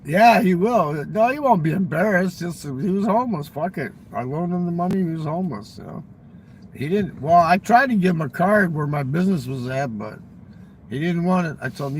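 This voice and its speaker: A man's voice: on the high side, expressive, normal speed, darkish tone, slight background noise, rough recording. An older man telling rambling, profane, boastful stories in casual talk. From United States. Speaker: livestream guest telling stories. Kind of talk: rambling storytelling. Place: fast-food restaurant.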